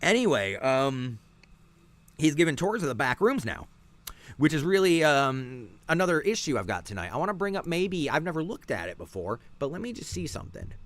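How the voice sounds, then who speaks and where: Brief: irritated podcast host, foul-mouthed, casual, pitch jumping all over. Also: male voice, a bit bright. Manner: profane, irritated ranting. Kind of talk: casual ranting commentary.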